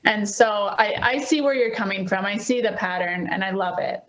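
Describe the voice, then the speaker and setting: A woman's voice: medium pitch, moderate pace, crowd noise, low-quality recording. A woman host talking things through in a reflective way with her guest. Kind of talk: podcast conversation.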